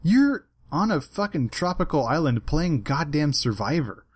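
A man co-hosting a podcast in casual chat, talking in a lively way and swearing often. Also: a little high, measured pace, husky. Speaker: podcast co-host.

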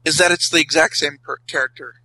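A young man co-hosting a casual comics podcast, rambling with restarts and quick laughs. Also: on the high side, fairly even intonation, pushed and bright, a little hiss or hum, poor audio. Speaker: podcast co-host.

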